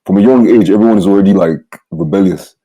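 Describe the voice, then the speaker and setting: Dark deep-voiced young host. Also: male voice, fast talker, dull audio. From Nigeria. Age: young adult. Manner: earnest, tags sentences with "yeah". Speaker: podcast host. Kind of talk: casual chat.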